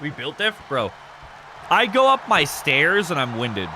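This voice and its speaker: A man's voice: a little high, big pitch swings, a little slow, a crowd in the background, noisy background. A man hosting a live game stream, commentating matches and chatting with viewers in a loose, laughing, foul-mouthed way.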